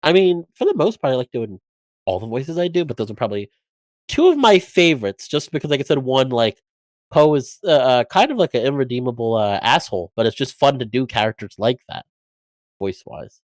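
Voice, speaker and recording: Low-voiced woman chatting hesitantly. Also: big pitch swings, brisk, a little mellow, dry recording. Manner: hesitant, filler-heavy. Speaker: voice actor guest. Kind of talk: casual podcast chat.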